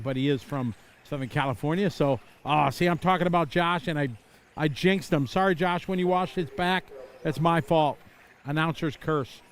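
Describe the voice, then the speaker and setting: A middle-aged man doing live play-by-play commentary at an outdoor racetrack. He is chatty and excitable, laughing and shouting out crashes as they happen. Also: fairly high pitch. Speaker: race commentator.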